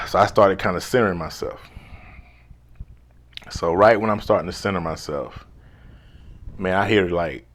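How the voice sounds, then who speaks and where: A man, a life coach, telling a personal story in a laid-back, slangy way, now and then dropping to a hushed whisper. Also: low-pitched, a little slow, pauses often. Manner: drops to a hushed whisper when replaying his inner thoughts.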